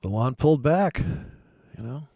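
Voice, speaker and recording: A man's voice: mid-range voice, lively intonation, measured pace, warm tone. Rambling joking Michigan man. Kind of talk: casual chat.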